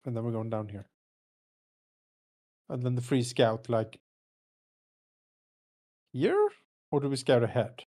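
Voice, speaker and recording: A man's voice: medium pitch, takes it slowly, long pauses, darkish tone. A man playing in a tabletop game, chatting casually and playfully. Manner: playful, laughs easily. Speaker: player.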